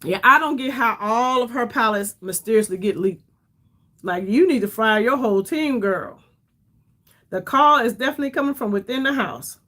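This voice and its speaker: A woman's voice: fairly high pitch, lively intonation, moderate pace, bright, forceful tone. A middle-aged woman hosting a casual makeup livestream, chatty and rambling, calling her viewers "y'all" and sounding tired. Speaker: beauty livestream host.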